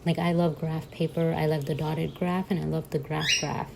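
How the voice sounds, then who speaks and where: A woman's voice: low-pitched, fairly even intonation, normal speed, creaky, background noise. A young woman chatting casually in a voice-over while she sets up her journal, giggling and joking at herself as she goes. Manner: chatty and giggly, self-mocking asides. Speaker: bullet journal vlogger.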